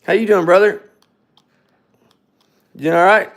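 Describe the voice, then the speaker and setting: A man's voice: high voice, steady tone, unhurried, fairly bright tone. A man co-hosting a scooter garage live stream, chatting in a loose, joking, rambling way. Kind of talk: casual live-stream chat.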